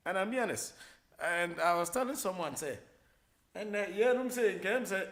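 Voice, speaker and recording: A middle-aged man with a Ghanaian accent hosting a radio talk show, rambling casually, mixing English with Twi and filling pauses with many hesitations. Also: high voice, lively intonation, a bit bright. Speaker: radio host.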